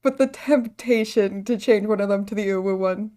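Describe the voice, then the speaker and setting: A woman's voice: medium pitch, moderate pace, mellow. A woman streamer chatting casually and rambling while she plays a game, laughing often. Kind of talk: casual gaming livestream chat.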